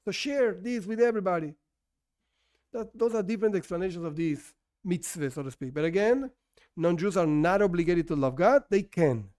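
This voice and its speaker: Man, high-pitched voice, rabbi, informal lesson, non-native English, chatty and animated. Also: normal speed. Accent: non-native English speaker. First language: not English. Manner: conversational, animated, rhetorical questions and restarts. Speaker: rabbi teaching a class.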